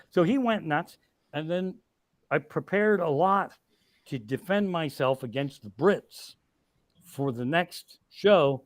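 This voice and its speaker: Male comic guest, slightly high voice, dry close mic, profane ranting delivery. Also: animated, slow pace, dry recording. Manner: heavy swearing, ranting and exasperated. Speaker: stand-up comedian guest. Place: podcast studio.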